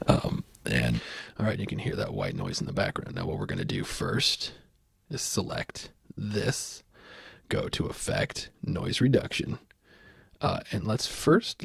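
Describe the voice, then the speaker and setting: Gravelly, husky soft-spoken man. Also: on the low side, big pitch swings, a little slow, no room sound. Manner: casual, thinking aloud while clicking through software. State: sore voice. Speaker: audio tutorial host. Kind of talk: soft-spoken screen tutorial.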